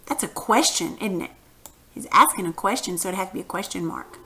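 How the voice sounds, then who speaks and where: A woman's voice: medium pitch, fairly quick, sharp tone. A woman teaching a punctuation lesson to young children, patient and encouraging, reading example sentences aloud with exaggerated emphasis.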